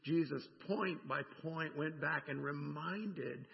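A man preaching a sermon in a gravelly, somewhat high voice, chatty and animated as he keeps checking in with his listeners. The sound is a little dull, with long reverb from the church sanctuary. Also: takes it slowly. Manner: animated, conversational preaching with frequent "right?". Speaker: pastor.

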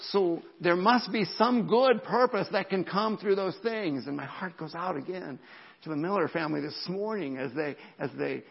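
Man, pastor mid-sermon; gravelly voice, dull lo-fi church recording. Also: high voice, moderate pace. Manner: animated, repeats words, drops to a whisper for emphasis.

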